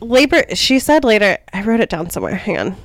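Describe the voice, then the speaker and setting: A woman's voice: medium pitch, big pitch swings, a little fast, dry recording. A woman co-hosting a comedy podcast, telling a history story in casual chat, full of "like" and "um". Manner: chatty storytelling with lots of "like" and "um". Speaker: podcast co-host.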